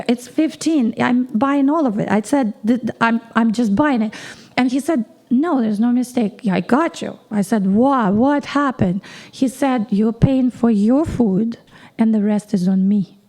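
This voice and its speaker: A middle-aged woman, a native Russian speaker, telling a story on a concert stage in a lively way, acting out the dialogue and restarting often. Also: fairly high pitch. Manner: animated, quick storytelling with many restarts and acted-out dialogue. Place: concert stage before a live audience.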